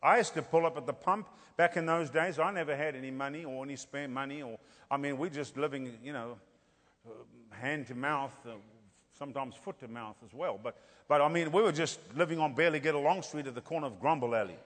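Middle-aged guy preaching, jokey storyteller, bit high voice, big reverb hall. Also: a little fast, a bit bright. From South Africa. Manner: playful, acts out dialogue, rhetorical "Hello?" asides. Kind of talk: humorous storytelling sermon.

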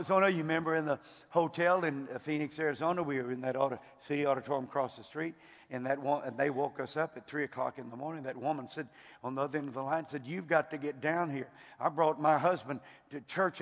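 An older Texan man with a Texas accent preaches a fervent sermon, frequently repeating his words. His voice is a little high and fairly bright. A long hall reverb surrounds the recording.

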